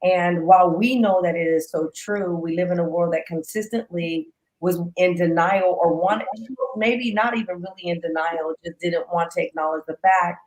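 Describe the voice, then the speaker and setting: A woman's voice: lowish voice, fairly even intonation, moderate pace, a little mellow, rough recording. A woman hosting an interview, speaking in a thoughtful, appreciative way. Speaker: host.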